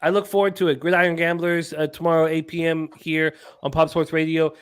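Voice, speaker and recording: A man's voice: a little high, level tone, brisk, smooth. A man hosting a live sports betting stream in a casual, upbeat way, reading out comments from viewers. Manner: upbeat, hypes bets, reads chat. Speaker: sports betting show host.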